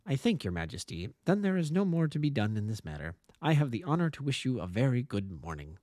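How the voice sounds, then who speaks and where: Cold, reserved detective, low and quiet, by a man. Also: sing-song, brisk, no room sound, lightly acted. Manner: cool and clipped.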